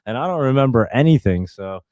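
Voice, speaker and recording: A man hosting a live stream, talking through the market in a loose, joking, off-the-cuff way and answering his chat. His voice is smooth and clean, at a middling pitch. The sound is dry and close, with no room echo. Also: expressive, a little fast, dark tone, muffled recording. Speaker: livestream host. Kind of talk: casual live market commentary reading chat.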